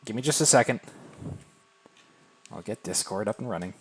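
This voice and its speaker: A man casually chatting on a live game stream, thinking aloud and answering viewers in a relaxed, self-deprecating way. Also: fairly low pitch, fairly quick, gravelly, pauses often, slightly rough. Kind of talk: casual live-stream chat while playing.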